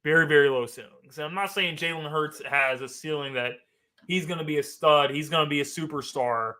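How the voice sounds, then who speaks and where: A man hosting his own sports talk show, giving animated, emphatic fan commentary and repeating phrases for stress. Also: a little high, fairly quick. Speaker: sports podcast host. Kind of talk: casual opinion commentary.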